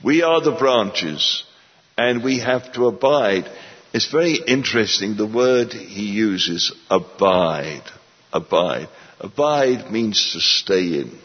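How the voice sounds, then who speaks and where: Slow, stern preacher in an echoing hall. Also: male voice, medium pitch, lively intonation, husky. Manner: slow, deliberate and stern, rising for emphasis. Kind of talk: sermon. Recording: dull sound in a long-echoing hall.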